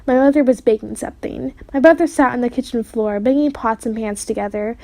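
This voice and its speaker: A woman reading a children's chapter book aloud in steady storytelling narration. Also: a little high, a little fast, no echo. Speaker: reader.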